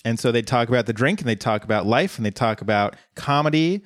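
A man's voice: medium pitch, lively intonation, fast talker, no room sound, clean studio sound. A man co-hosting a podcast, recapping a TV episode in casual chat, talking animatedly and rambling into quoted voices. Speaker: podcast co-host.

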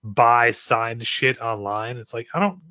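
A man co-hosting a casual podcast, talking with enthusiasm and frequent restarts. His voice is bright, and the recording is dry and close, with no room sound. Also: mid-range voice, a little slow, dry recording. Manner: enthusiastic, chatty, many restarts. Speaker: podcast co-host. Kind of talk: casual chat.

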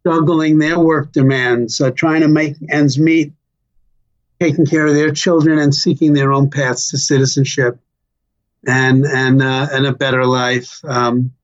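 Slow halting older man, muffled recording. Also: medium pitch, level tone. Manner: slow, halting, many fillers. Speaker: interview guest, child of survivors. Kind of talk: reflective personal storytelling.

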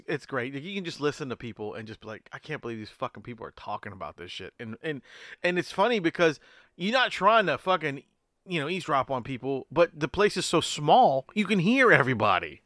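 Man, podcast host, bright tense voice, dry close sound, profane ranting banter. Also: fairly high pitch, very animated, moderate pace, no room sound. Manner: profane, ranting, laughs often. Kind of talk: crude casual banter.

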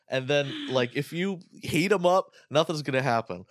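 A man's voice: fairly high pitch, moderate pace, no echo, studio quality. Brash, foul-mouthed American man. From United States. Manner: brash, profane, animated storytelling. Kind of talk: casual chat.

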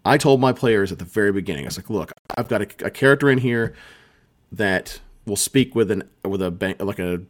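A man with a fairly low-pitched voice speaks briskly in casual chat. He runs tabletop games and co-hosts a podcast, explaining himself in an earnest, rambling way.

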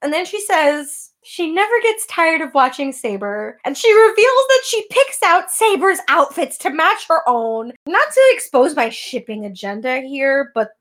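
Podcast co-host, woman, high voice, animated and laughing, casual recap chat. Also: a little slow, hardly any pauses.

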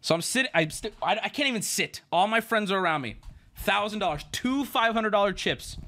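A man streaming, telling an animated story to his chat and friends, shouting at the high points and dropping low to mimic others. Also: brisk. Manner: excitable, shouts at the big moments, drops into gruff voices for others.

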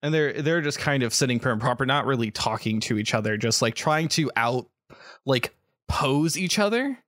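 A man narrating a tabletop game as game master, halting and laughing often. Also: mid-range voice, lively intonation, fairly bright tone, no room sound, studio quality.

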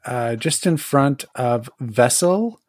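Slow, dry-voiced male game master. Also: mid-range voice, animated, a little mellow, dry recording. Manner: descriptive, with frequent restarts. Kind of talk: narrating a tabletop game.

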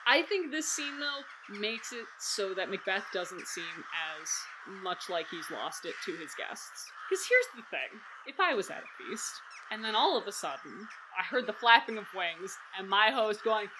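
A young woman co-hosting a casual film chat, animated and acting out lines in quick impressions. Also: mid-range voice, noisy background. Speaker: podcast co-host.

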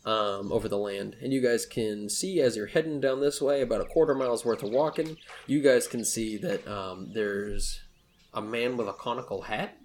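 A man's voice: lowish voice, a little hiss or hum. A man running a tabletop game as game master, narrating casually with many fillers.

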